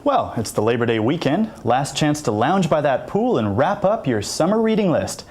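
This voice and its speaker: A man's voice: a little high, big pitch swings, moderate pace, darkish tone. A man anchoring TV news and handing off to the weather. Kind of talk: TV news handoff.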